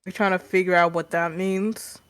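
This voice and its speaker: A woman's voice: fairly low pitch, level tone, normal speed, fairly bright tone, clear, resonant tone. A woman playing in a tabletop game, chatting in a playful, giggly way. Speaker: player. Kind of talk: casual tabletop game chat.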